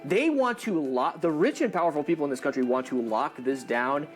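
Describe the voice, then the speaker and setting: A man hosting a political podcast, talking in quick rambling bursts. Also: fairly high pitch, expressive, faint music behind. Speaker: podcast host.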